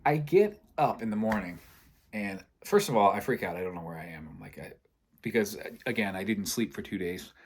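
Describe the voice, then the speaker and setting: A young man from Michigan spins a casual yarn, his voice sitting a little low. He bounces between his own lines and everyone else's, switching voices as he goes. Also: a little fast, breathy edge. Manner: animated, acts out both sides of conversations. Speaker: storyteller. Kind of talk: casual storytelling.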